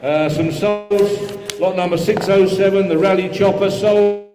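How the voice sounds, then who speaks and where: Auctioneer in an echoey hall. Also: male voice, high-pitched, steady tone, over music. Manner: rapid rhythmic bid calling with chatty asides. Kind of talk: live auction calling. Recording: echoey hall with long reverb.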